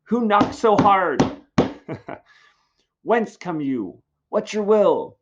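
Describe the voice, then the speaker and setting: A man's voice: sits high, sing-song, very slow, noisy background, voice pushed up, heavily acted. A stern old friar scolds in earnest, declamatory verse, read by a man in a slightly raised voice. The recording sounds a little muffled. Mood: urgent. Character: stern, moralizing older male friar.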